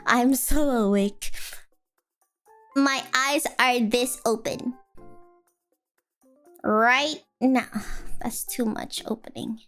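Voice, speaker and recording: A woman's voice: on the high side, fairly even intonation, drawn-out words, long pauses, fairly bright tone, soft background music. A sleepy woman streamer chatting casually with her viewers, rambling and playful, breaking into silly sing-song noises. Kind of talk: casual live-stream chat.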